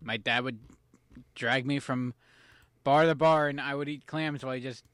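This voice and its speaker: A man's voice: medium pitch, steady tone, moderate pace, a bit bright, smooth, no room sound, clean studio sound. A man co-hosting a casual podcast, rambling and self-deprecating as he reminisces. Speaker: podcast co-host. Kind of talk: casual chat.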